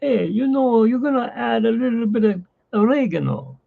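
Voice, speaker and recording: A man's voice: extremely high pitch, expressive, normal speed, gravelly, pitched above the performer's own voice, full character voice. A man voicing a boisterous male Italian chef caricature with a mock Italian accent, in dull lo-fi phone audio. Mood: exuberant.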